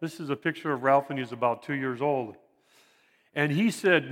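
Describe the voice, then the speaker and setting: An older man delivers a sermon with a slightly high voice, earnest and unhurried, often circling back to repeat a phrase. His words carry a long reverb, as if recorded in a large church hall. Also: fairly bright tone. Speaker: preacher.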